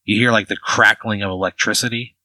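A man's voice: fairly low pitch, steady tone, a little fast, pushed and bright, no room sound, rough recording. A man narrating as game master in a rambling way, full of "like" fillers.

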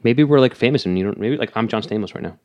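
A man's voice: lowish voice, lively intonation, racing, muffled recording. A man co-hosting a podcast in a jokey, playful, rambling casual chat. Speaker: podcast co-host.

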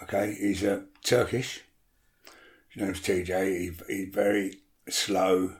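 A man's voice: sits low, slow pace, roomy sound. A man telling a story in casual chat, swearing freely and acting out what people said. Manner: animated, swears a lot, acts out quotes. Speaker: storyteller guest.

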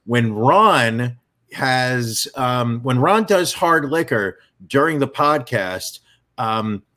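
A man's voice: animated, takes it slowly, bright, forceful tone. A middle-aged man co-hosting a casual podcast, chatting and bantering. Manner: booming mock radio-announcer voice. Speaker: podcast co-host.

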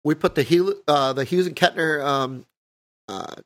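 A man with a slightly raised pitch talks through guitar gear in a loose, rambling way. He stops to correct himself and clears his throat now and then. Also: unhurried, fairly bright tone. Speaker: podcast co-host, band guitarist. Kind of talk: casual gear chat.

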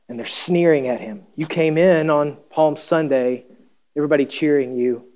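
A pastor preaching a conversational sermon, reading scripture and asking the congregation questions with wry humor. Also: male voice, medium pitch, a little mellow.

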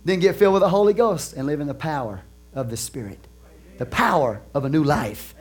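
Texan pastor preaching in loud-soft swings. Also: male voice, fairly high pitch, a little fast. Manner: laughs and jokes with the congregation. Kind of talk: sermon.

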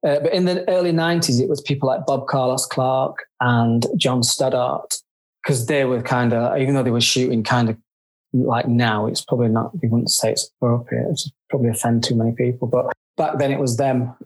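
A photographer appears as an interview guest, chatting casually in a steady, mid-range voice. He is chatty and halting, restarts often, and calls himself grumpy.

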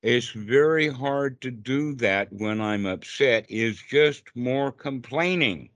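Slow, patient male meditation teacher. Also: medium pitch, fairly bright tone, dry recording. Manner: slow, patient, repetitive coaching. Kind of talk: guided breathing instruction on a call.

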